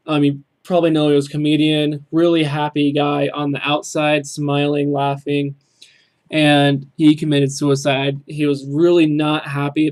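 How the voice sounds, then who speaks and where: A young man with a fairly high-pitched, darkish voice hosts a reaction video, casually talking through song lyrics. He comes across earnest and reflective, with many ums.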